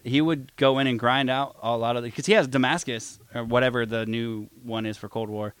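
A man co-hosting a podcast, a streamer talking in relaxed, profane casual chat. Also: medium pitch, brisk, smooth, no room sound. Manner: relaxed, profane, acts out quotes.

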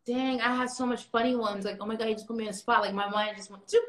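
A woman chatting casually on a livestream, telling animated, slangy stories about fans. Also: on the high side, fast, roomy sound, noisy background. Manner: animated storyteller, slangy and swearing. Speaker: livestream guest.

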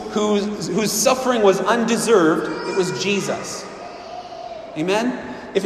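A man delivering a sermon in a fairly high voice, earnest and searching, often doubling back on his words. The sound carries the long reverb of a big hall, with a faint hum of room ambience behind him. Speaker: pastor.

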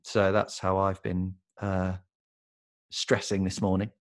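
Man, young adult, casual podcast banter, dry humor, low-pitched. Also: flat delivery, takes it slowly. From England. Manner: dry, jokey, self-mocking. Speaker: podcast co-host. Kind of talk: casual chat.

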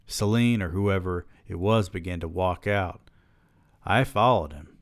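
A man reads a novel aloud in a low-key, deadpan way, now and then stepping out for a dry aside. His voice sits very low, and the close mic leaves it dry with no room sound. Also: a little slow, dry recording. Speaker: podcast host reading a novel aloud. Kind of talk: audiobook-style reading.

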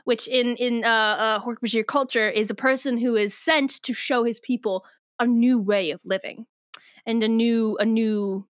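Young woman co-host, higher voice, dry close sound, giggly, tosses off quick character voices. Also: fairly even intonation, no echo. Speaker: podcast co-host. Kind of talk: casual book discussion.

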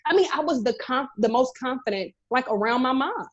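A young adult woman co-hosting a casual podcast chat, telling animated stories and acting out quoted dialogue. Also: high voice, a little fast, highs cut off. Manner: animated storyteller, acts out quoted dialogue, says "girl" often. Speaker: podcast co-host, chef.

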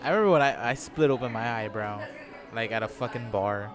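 A laid-back man of average pitch chats as a podcast guest, swearing freely and laughing at his own stories. Music plays clearly behind him. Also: a little fast, a crowd in the background. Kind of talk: casual chat.

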